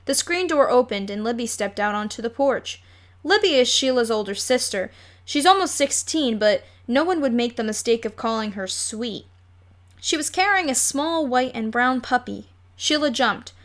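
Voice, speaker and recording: A woman giving a lively storybook reading, narrating a children's novel aloud. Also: fairly high pitch, moderate pace. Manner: lively, plays every character. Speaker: audiobook reader.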